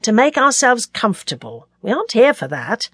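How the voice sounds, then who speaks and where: A woman's voice: a little high, big pitch swings, normal speed, slightly rough, no room sound, voice pushed up. Brief: curt young male radical, voiced by a woman, lecturing tone, dry close sound. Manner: clipped and lecturing.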